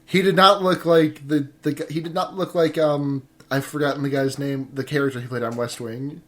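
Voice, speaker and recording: A man co-hosting a podcast in casual chat, tossing in quick agreements and playful ribbing. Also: fairly high pitch, steady tone.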